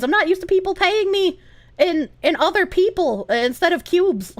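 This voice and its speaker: A woman's voice: extremely high pitch, sing-song, normal speed. A woman streamer chatting casually and giggling a lot as she reads out her chat.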